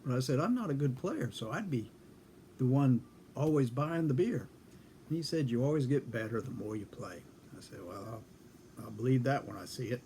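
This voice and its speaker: Against slight background noise, a man speaks at a moderate pace in an expressive, mellow mid-range voice. He spins a casual story with folksy dryness, acting out both people in the exchange.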